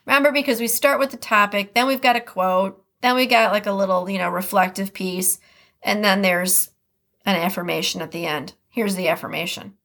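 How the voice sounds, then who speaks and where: A woman's voice: medium pitch, a little fast, a bit bright. A woman with a Midwestern American accent hosting a podcast, chatting casually and reading quotes aloud before commenting on them. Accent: Upper Midwest American. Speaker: podcast host.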